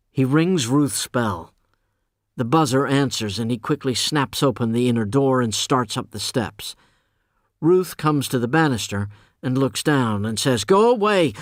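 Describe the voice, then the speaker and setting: A male audiobook narrator reading a literary novel in a measured, even way. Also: mid-range voice, no echo, clean studio sound.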